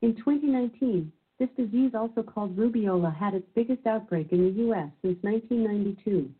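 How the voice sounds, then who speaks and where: A woman's synthesized assistant voice reading quiz clues and verdicts in a measured, even announcer manner. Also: medium pitch, slightly rough. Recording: tinny phone-like sound.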